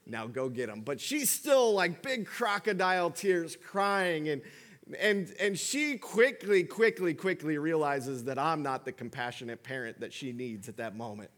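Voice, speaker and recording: A man's voice: fairly high pitch, animated, unhurried, a bit bright. A man in his thirties, a father, preaching a sermon in a conversational storytelling way with frequent restarts. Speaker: pastor.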